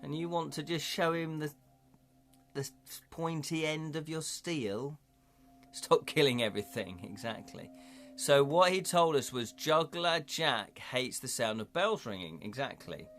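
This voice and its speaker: A man's voice: a little high, expressive, a little slow, fairly bright tone, faint music behind. A man hosting a live stream, reading a gamebook aloud and chatting with viewers, laughing often. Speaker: livestream host reading a gamebook.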